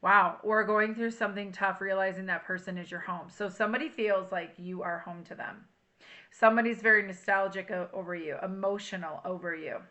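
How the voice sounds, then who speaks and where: Bright-voiced emotional woman tarot reader. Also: medium pitch, fairly even intonation, fairly quick. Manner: emotional, chatty, sings and reads lyrics aloud. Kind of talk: casual tarot reading to camera.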